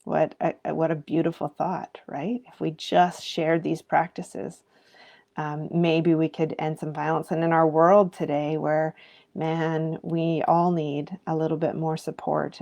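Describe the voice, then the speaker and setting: Earnest gravelly-voiced woman teacher. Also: low voice, dark tone. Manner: earnest and reflective, poses many rhetorical questions to viewers. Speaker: mindfulness teacher and facilitator. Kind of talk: live-streamed talk to educators.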